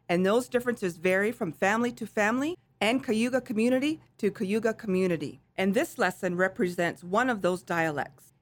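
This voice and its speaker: Woman reading a radio sign-off. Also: mid-range voice. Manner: plain, informative read. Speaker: radio announcer. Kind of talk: scripted closing announcement.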